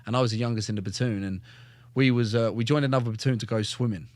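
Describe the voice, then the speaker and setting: A young man tells his stories in a blunt, animated way, swearing freely and voicing the people he quotes. His voice sits in a middle pitch. The sound is close and dry, with no room in it. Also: fast, no room sound. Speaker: guest, former soldier and fighter. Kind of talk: casual storytelling with heavy swearing.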